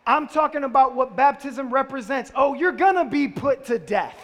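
High-voiced male preacher in a reverberant hall. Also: expressive, moderate pace, a bit bright. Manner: conversational preaching with rhetorical questions. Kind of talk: sermon. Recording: long reverb of a large hall.

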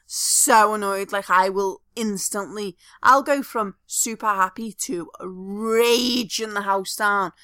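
A young woman chats loosely on a podcast, swearing freely and getting animated. Her voice is bright and clear-toned, and the recording is close and dry, with no room sound. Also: mid-range voice, slow pace, few pauses, no echo. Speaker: podcast co-host. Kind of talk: casual chat.

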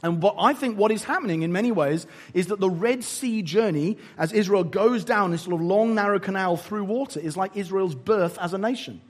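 A preacher delivering a sermon in a husky voice that sits fairly high. He talks in an animated, conversational way, using humor to make his points. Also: fairly quick, hardly any pauses.

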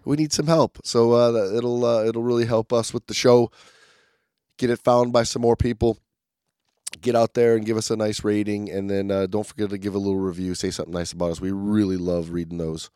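A man's voice: fairly low pitch, steady tone, brisk, mellow, smooth, no echo, studio quality. A man co-hosting a podcast in casual chat, rambling and upbeat with lots of fillers and restarts. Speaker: podcast co-host.

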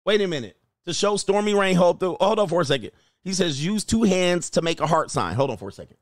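A man's voice: high voice, animated, fast, no room sound, studio quality. A man hosting a show, chatting casually as he reads viewer comments aloud, exclaiming and laughing often. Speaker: host and coach.

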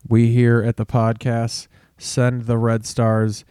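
A man's voice: mid-range voice, monotone, slow, warm tone, clean tone, no echo, clean studio sound. A man hosting a podcast, rambling through a casual sports monologue with heavy swearing. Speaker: podcast host.

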